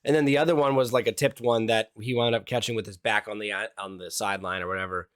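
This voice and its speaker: A man's voice: on the low side, fairly even intonation, fast talker, clean tone, dry recording, studio quality. A man co-hosting a casual sports podcast, speaking in a laid-back way that often trails off. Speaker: podcast co-host.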